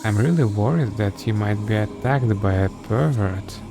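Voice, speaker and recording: A man's voice: lowish voice, lightly acted. Obsessive clingy co-worker girl, read by a man. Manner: reads text messages slowly and evenly. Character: obsessive young woman co-worker, clingy, pleading. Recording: game music behind the voice. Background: music.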